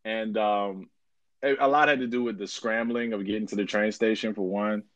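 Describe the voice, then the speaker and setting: A young man co-hosting a casual podcast, talking in a relaxed, rambling way with lots of fillers. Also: on the low side, moderate pace, no room sound. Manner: laid-back, rambling with many fillers. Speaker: podcast co-host.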